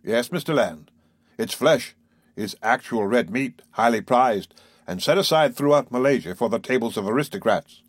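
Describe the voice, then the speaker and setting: A man voicing a calm, commanding male sea captain, speaking in a measured, formal way in a read-aloud story. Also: medium pitch, husky, dry recording.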